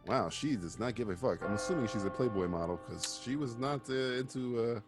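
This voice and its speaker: A man casually riffing on a movie with a co-host, sarcastic and profane, laughing often. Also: mid-range voice.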